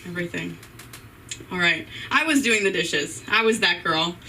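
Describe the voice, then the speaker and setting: A woman's voice: fairly low pitch, normal speed, pushed and bright, recorded from a distance, rough recording. Giggly, rambling woman at an open mic. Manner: giggly, rambling, self-deprecating. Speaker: stand-up comedian. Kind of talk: stand-up comedy. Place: live open mic night at a comedy venue. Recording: off-mic voice with faint room noise.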